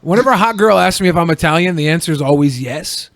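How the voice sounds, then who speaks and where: A man hosting a podcast, chatting in an animated way and often laughing. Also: on the high side, fast talker, no echo. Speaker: host. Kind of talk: casual chat.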